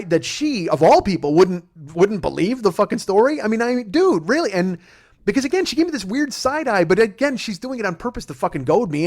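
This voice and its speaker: A man in his forties hosting a podcast, telling a comic story in a profane, exasperated, self-mocking way. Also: high voice. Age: 40s. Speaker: podcast host.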